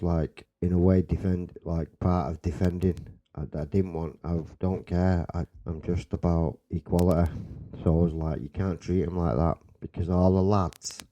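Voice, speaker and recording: A man's voice: sits low, dark tone. A man from Salford with a Manchester accent, hosting a podcast and telling a rambling, sweary personal story in a casual way. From Salford, England. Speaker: podcast host.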